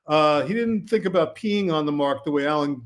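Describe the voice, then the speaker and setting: Man from Brooklyn, film director guest, highish voice, animated storyteller. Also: a little fast. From Brooklyn, New York. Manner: animated anecdotes, quotes himself and others. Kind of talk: casual storytelling.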